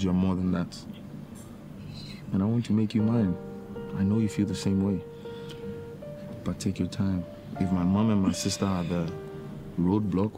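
An actor playing an earnest young man pleading with the maid he loves, speaking in an even, reassuring way. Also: low-pitched, natural voice. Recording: guitar music under the voice.

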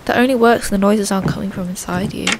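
A woman voicing an eerie, unimpressed woman in a haunted game, giving flat, ominous replies. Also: medium pitch, quick pace, noisy background, natural voice. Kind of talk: game character dialogue.

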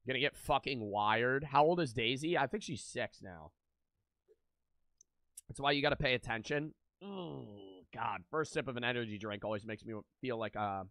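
A man's voice: mid-range voice, a bit bright, no echo. A young man livestreaming a game, chatting casually with viewers and swearing freely as he plays. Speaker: streamer. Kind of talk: live gameplay commentary. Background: game music.

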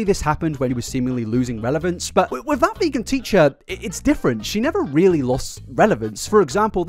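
A British man delivering sarcastic commentary as a YouTuber, animated, often stammering and repeating words. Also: fairly high pitch. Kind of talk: reaction commentary.

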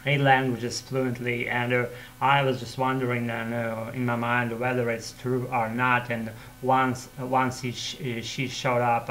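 A man with a Russian accent, a non-native speaker, rambling casually in a vlog with halting phrasing, frequent fillers and restarts. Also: medium pitch, slight background noise, poor audio. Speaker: vlogger practicing English.

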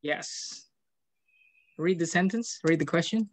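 Patient slow-talking Indonesian teacher. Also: male voice, a little high. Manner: patient, calls on pupils by name and explains grammar step by step. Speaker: English teacher. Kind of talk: online class teaching. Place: online meeting from home. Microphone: video call.

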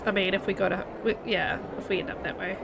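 A woman streaming a game, chatting and thinking aloud excitedly, a little under the weather. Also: medium pitch, fast talker, gravelly, background noise. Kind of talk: casual game commentary.

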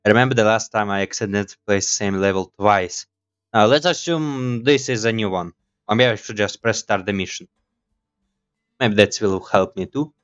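A man's voice: on the low side, normal speed, a bit bright, clean tone, highs cut off, faint music behind. A man doing let's play commentary as a gaming YouTuber, rambling and teasing himself. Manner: rambling, self-mocking chatter.

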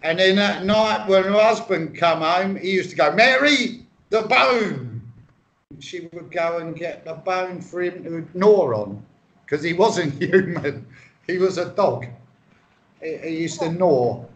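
High-voiced man riffing and laughing. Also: a little slow. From Britain. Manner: questioning, laughing, talks over his partner. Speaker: comedy podcast co-host. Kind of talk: improvised absurd banter.

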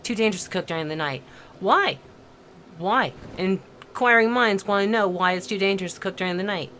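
A woman's voice: mid-range voice, brisk, a bit bright, a little hiss or hum. A woman playing a horror game and commenting as she goes, tense and swearing, talking to herself and to the game. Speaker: let's play gamer.

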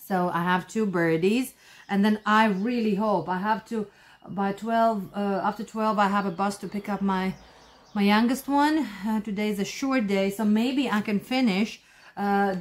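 A woman's voice: mid-range voice, measured pace. Woman, 30s-40s, casual home crochet vlog, rambling and chatty. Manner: chatty, rambling, many fillers and restarts. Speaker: crochet vlogger. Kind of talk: casual chat.

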